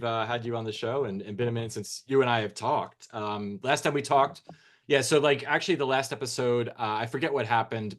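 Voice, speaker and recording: An upbeat man hosts a podcast, hyped and laughing easily. His voice sits in an ordinary middle pitch. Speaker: podcast host. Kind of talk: casual chat.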